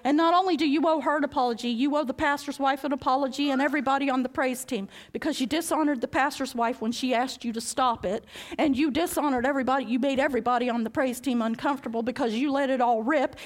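A woman preaching a sermon, telling a personal story with lively acted-out dialogue and frequent laughter. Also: high voice, quick pace. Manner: animated storytelling, acting out dialogue, laughing often.

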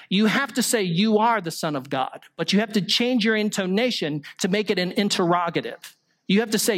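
A man's voice: high-pitched, fairly quick, fairly bright tone. A male pastor delivering a sermon, explaining scripture through rhetorical questions and the occasional small joke.

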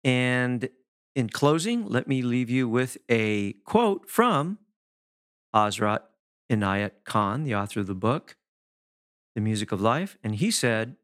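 A middle-aged man hosting a solo podcast in a relaxed, chatty way. His pitch rises and falls widely as he talks, and he drops into short playful demonstrations of how others speak. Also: takes it slowly, soft background music. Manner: animated, swooping delivery with playful demonstrations of voices. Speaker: podcast host, hypnotherapist. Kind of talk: casual solo podcast talk.

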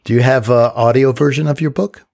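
A man's voice: medium pitch, steady tone, brisk, creaky, a little mellow. A man hosting a podcast interview, giving short encouraging replies and asking questions. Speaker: podcast host.

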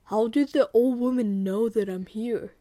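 A woman's voice: fairly high pitch, slow, a little mellow. A woman voicing a frightened male tiger in a storybook, once boastful, now pleading. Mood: puzzled. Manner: anxious, pleading.

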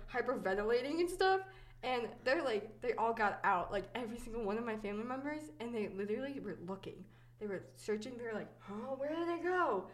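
Young woman podcast host, giggly and chatty, slightly high voice, lots of "like". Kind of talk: casual chat, storytelling.

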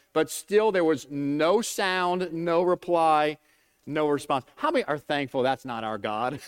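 High-voiced preaching man, smooth delivery. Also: fairly bright tone. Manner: preaching, reads scripture aloud, rises and falls in emphasis. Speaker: pastor. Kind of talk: sermon.

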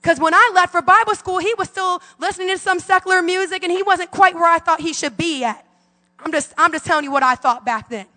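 A woman's voice: extremely high pitch, a little fast, pushed and bright, in a large hall. A woman in her forties preaching a fervent sermon as pastor, calling out to her congregation in a church sanctuary. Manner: fervent preaching with call-and-response.

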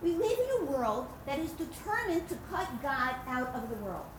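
A woman giving a religious talk to women, telling a story with emphatic, animated delivery. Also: sits high, normal speed, background noise. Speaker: speaker addressing women.

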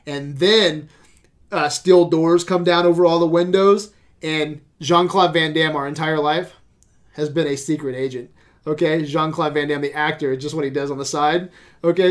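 A man hosting a casual podcast chat, retelling a show scene by scene with lots of swearing. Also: on the high side. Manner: animated storytelling with swearing and laughs. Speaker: podcast host.

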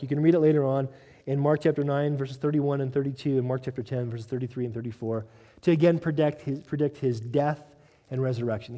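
A man preaching a sermon as pastor, animated, acting out quoted lines and laughing as he goes. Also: medium pitch. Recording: long reverb of a large hall.

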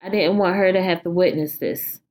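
Woman, lowish voice, casual horror story reader, informal, stumbles. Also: steady tone, moderate pace, a little mellow. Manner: informal, stumbles and swears while reading.

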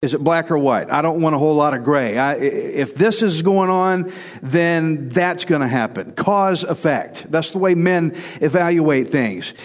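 A man preaching in a relaxed, chatty way, his voice sitting a little higher than most men's. He is animated and doubles back on words to drive home a point. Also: a little slow, big-room sound. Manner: animated, repeats words for emphasis. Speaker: pastor. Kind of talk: conversational sermon.

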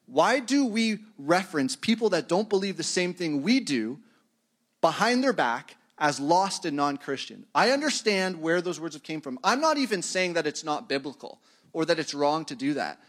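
A man's voice: fairly high pitch, very animated, normal speed, fairly bright tone. A male pastor delivering a sermon in a loose, conversational tone. He talks to the congregation like friends, poking fun at himself when he drifts off topic. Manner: conversational and self-deprecating, chuckles at his own tangents.

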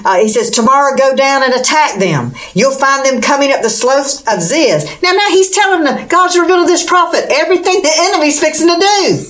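A woman preacher delivers a fervent sermon in a bright, somewhat high voice. She exclaims often and asks rhetorical questions as she preaches. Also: animated, a little fast, hardly any pauses.

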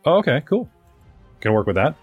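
A man's voice: medium pitch, very animated, fairly quick, breathy edge, dry recording, phone-quality sound, faint music behind. A man hosting a live-streamed tabletop game, chatty and rambling as he introduces his players. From North America. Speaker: game master and podcast host.

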